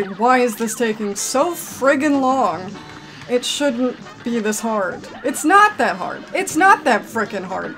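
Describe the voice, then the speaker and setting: Female let's-play commentator, higher voice, irritated grumbling with flare-ups, soft game music underneath. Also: lively intonation, a little slow. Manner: exasperated, grumbling, swings to outbursts. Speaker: gaming commentator.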